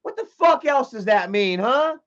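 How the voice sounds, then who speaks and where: A man's voice: very high-pitched, lively intonation, moderate pace, a bit bright. A man streaming live, telling a long, rambling, profane personal story and reading chat messages aloud. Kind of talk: livestream storytelling. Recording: dull lo-fi stream audio.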